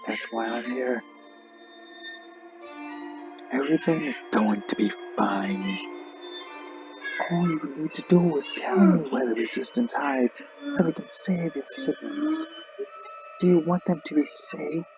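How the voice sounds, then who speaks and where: Man doing a slow, whispery vampire interrogator. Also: a little high, big pitch swings, creaky, muffled recording, music in the background, exaggerated voice. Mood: coaxing. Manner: slow, theatrical, swinging between whispers and swells. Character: sinister male vampire interrogator, smooth, coaxing. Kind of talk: reading game dialogue aloud in character.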